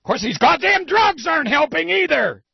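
A man's voice: very high-pitched, sing-song, moderate pace, gravelly, dry recording, voice pushed up, heavily acted. A man mocking a whiny paranoid radio pundit. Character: rambling paranoid male radio pundit, middle-aged. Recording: dull lo-fi sound.

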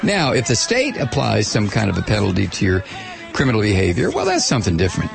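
A man's voice: on the low side, huge pitch swings, fast talker, gravelly, loud music behind the voice. A man hosting a talk radio show, delivering a sarcastic, combative opinion monologue.

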